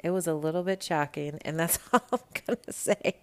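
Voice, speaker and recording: A woman's voice: low-pitched, moderate pace. A woman hosting a podcast, giving a blunt, gossipy, casual recap of reality TV, swearing freely. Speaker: podcast host.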